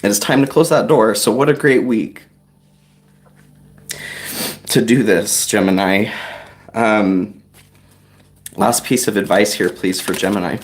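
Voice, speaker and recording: A man giving a live-streamed tarot reading, chatty and soft-spoken, talking straight to his viewers and getting choked up at times. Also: lowish voice, a little slow, long pauses, a little hiss or hum. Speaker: tarot reader. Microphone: on-camera livestream mic.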